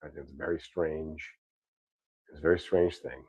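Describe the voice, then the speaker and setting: A man's voice: rumbling low, steady tone, moderate pace, darkish tone, slightly rough, no room sound, low-quality recording. A man in his thirties with a New York accent, hosting a casual chat, rambling with repeated words and casual swearing. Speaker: podcast host.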